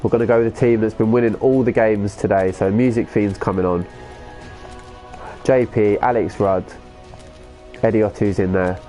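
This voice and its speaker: An excitable man chatting casually through a live game stream, jumping up in pitch when something grabs him. He talks to his viewers in a loose, rambling way. Faint music plays behind him. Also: moderate pace, pauses often. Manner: chatty, excitable, reads viewer comments aloud. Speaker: gaming streamer.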